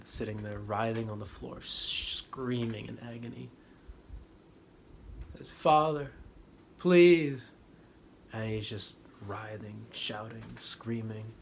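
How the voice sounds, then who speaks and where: A man giving a spiritual talk, retelling a story in an animated, dramatic way that swings from loud to hushed. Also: lowish voice, gravelly. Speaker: spiritual teacher. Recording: steady background noise.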